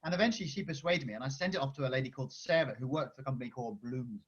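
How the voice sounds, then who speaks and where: A male children's author answering schoolchildren's questions on a video call, chatty and energetic with many restarts. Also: mid-range voice, racing. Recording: dull lo-fi video call audio.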